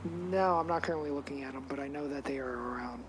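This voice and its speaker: Calm polite man at a desk. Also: mid-range voice, fast talker, a crowd in the background. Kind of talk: in-character roleplay dialogue.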